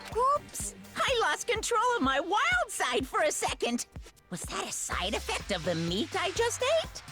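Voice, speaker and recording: A woman's voice: very high-pitched, huge pitch swings, a little slow, bright, forceful tone, soft background music, exaggerated voice. A woman voicing a mischievous bear mascot in a game dub, teasing and sing-song. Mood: gleeful.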